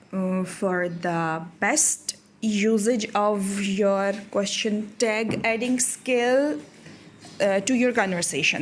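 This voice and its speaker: A woman teaching a grammar lesson over slides, explaining slowly and deliberately with examples. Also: mid-range voice, a little hiss or hum. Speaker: English teacher.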